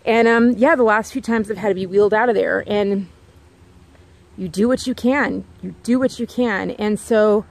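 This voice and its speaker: A woman's voice: medium pitch, normal speed, vocal fry. A woman vlogger in a casual, rambling chat, talking outdoors near her home and repeating herself with lots of "like"s.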